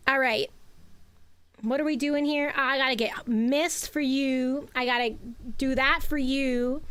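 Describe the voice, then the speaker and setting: A woman's voice: high voice, a bit bright, no echo. A woman livestreaming a video game, chatting playfully and rambling with her viewers. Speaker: streamer. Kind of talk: live game-stream chat. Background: faint game music.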